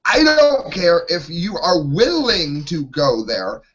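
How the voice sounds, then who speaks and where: A man's voice: on the high side, big pitch swings, slow pace, fairly bright tone, breathy edge. A man ranting in an exasperated way while co-hosting an opinionated panel talk show, heard over lo-fi online call audio.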